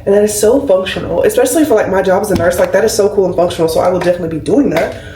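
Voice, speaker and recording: A woman's voice: medium pitch, rapid-fire, a little hiss or hum. A young woman in her twenties, a nurse, talking casually and animatedly to her camera while getting ready at home. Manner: chatty, animated storytelling with lots of fillers. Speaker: nurse and vlogger. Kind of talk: casual vlog chat. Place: indoors at home, doing her hair. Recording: roomy and a bit distant.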